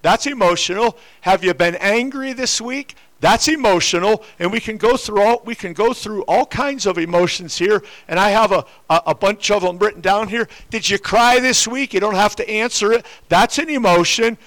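A man's voice: high voice, normal speed, hardly any pauses, fairly bright tone. An older man preaching a sermon to his congregation, repeating rhetorical questions. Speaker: pastor. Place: church.

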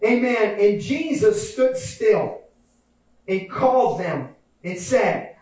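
A man preaching a sermon, often shouting and acting out the voices of people in the story. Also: high-pitched, expressive, takes it slowly. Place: church sanctuary. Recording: very echoey hall, mic from a distance.

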